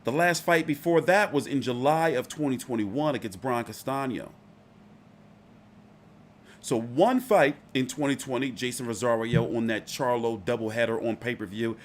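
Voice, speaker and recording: A man's voice: mid-range voice, normal speed, a little hiss or hum. A man hosting a boxing channel, talking through fight news in a loose, chatty way, swearing freely and filling with "like" and "you know.". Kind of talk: casual fight commentary.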